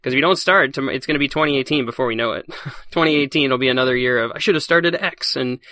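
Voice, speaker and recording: A man talks fast with a bright, forceful voice, animated and quick to laugh as he tells his stories. The sound is dry and close, with no room around it. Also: medium pitch, no room sound. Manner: fast, animated storyteller who laughs often. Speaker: podcast guest, science teacher. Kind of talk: casual interview chat.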